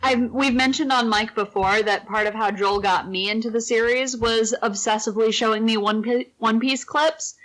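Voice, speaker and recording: Fairly high-voiced woman telling a story. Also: fairly even intonation, moderate pace, few pauses, a bit bright, rough recording. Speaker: podcast co-host. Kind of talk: casual chat.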